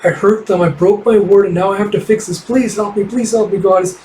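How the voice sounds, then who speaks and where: A man voicing a frightened but brave young fox girl, speaking in a high, breathless, pleading way as he reads a comic aloud. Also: steady tone, brisk, mellow, distant mic, close to an everyday voice, low-quality recording. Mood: praying.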